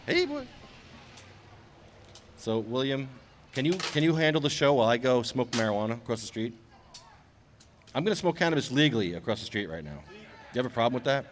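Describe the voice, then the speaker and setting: A man's voice: medium pitch, lively intonation, fast talker, a little hiss or hum. A man hosting a live podcast outdoors at a public event, chatting casually and teasing his co-host. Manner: joking, teasing.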